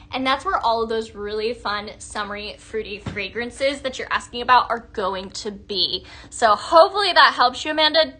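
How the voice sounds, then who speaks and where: A woman's voice: a little high, sharp tone. A young woman hosting a live-stream product demo, chatty and gushing, greeting viewers by name. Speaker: live shopping host.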